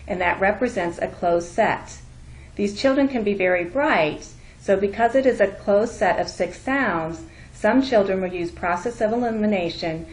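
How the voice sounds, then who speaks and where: A woman's voice: mid-range voice, rough recording. A woman instructor giving a careful, explanatory lecture narration.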